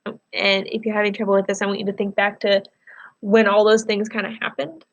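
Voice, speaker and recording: A woman teacher reading a novel aloud to her class, pausing to explain words and ask questions. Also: mid-range voice, fairly even intonation, vocal fry, highs cut off.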